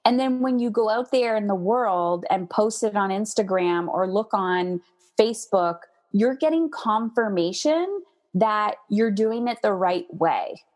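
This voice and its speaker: A woman being interviewed as a parenting coach, talking candidly and in an animated way, and often acting out her own past words. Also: medium pitch, measured pace. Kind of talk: conversational interview.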